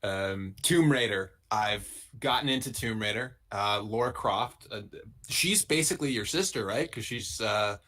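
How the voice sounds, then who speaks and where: A man's voice: fairly low pitch, a little slow, pushed and bright. A man co-hosting a live stream, telling stories in a dry, rambling and jokey way. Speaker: podcast co-host. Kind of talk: casual chat on a live stream.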